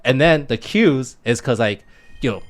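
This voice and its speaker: A man guesting on a podcast in casual chat, relaxed, laughing often and swearing. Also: mid-range voice, unhurried.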